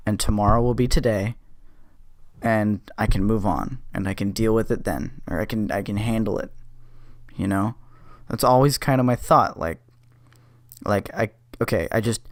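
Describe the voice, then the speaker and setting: A man's voice: on the low side, no room sound, studio quality. A man hosting his own podcast, telling a personal story in a blunt, profane, casual way, stumbling over and correcting his words. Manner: profane, blunt, restless retelling with self-corrections. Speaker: podcast host.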